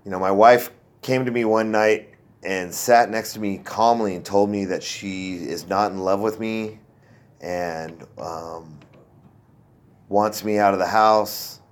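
A man's voice: lowish voice, steady tone, slow. A man telling his own recovery story in a casual, rambling way, self-deprecating and full of fillers and restarts. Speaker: speaker sharing a recovery story. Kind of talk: casual personal testimony.

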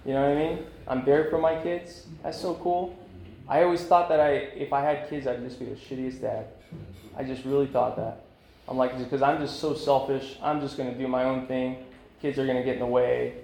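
A man in his thirties shares his recovery at a meeting, candid and meandering, with many fillers. He speaks briskly at a medium pitch with little rise or fall, his voice creaky but warm. There's slight background noise, and the room is echoey with faint ambience.

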